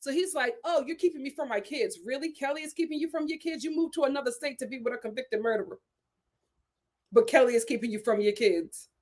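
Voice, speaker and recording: A woman's voice: high-pitched, fast talker. A woman hosting a reality TV recap, talking casually and sassily, laughing and acting out the people she quotes. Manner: sassy, animated, laughing, acts out quotes.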